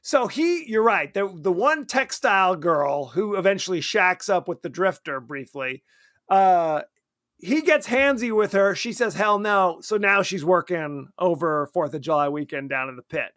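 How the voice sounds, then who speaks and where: Lively, high-voiced man chatting on a podcast. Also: no echo, clean studio sound. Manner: animated, acts out characters in quick silly voices. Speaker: podcast co-host. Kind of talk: casual chat about a horror film.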